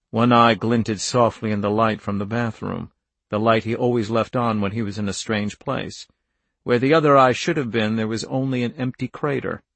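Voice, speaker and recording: A man narrating an audiobook in a measured, even storytelling manner. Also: mid-range voice, creaky, no room sound.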